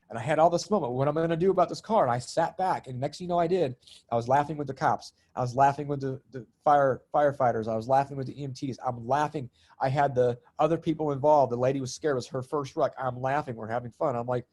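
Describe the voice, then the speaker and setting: A middle-aged man telling personal stories in conversation, lively and laughing often, acting out the voices of people in them. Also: a little high, fast talker. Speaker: guest, spiritual comedian and healer. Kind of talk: animated storytelling in conversation.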